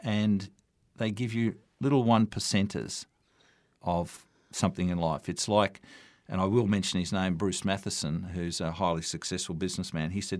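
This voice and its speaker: Older man, Australian accent, lowish voice, dry close sound, anecdotal storyteller. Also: steady tone, normal speed, no room sound. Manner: anecdotal, warm storytelling with quoted dialogue. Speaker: radio broadcaster and MC. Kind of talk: storytelling interview answers.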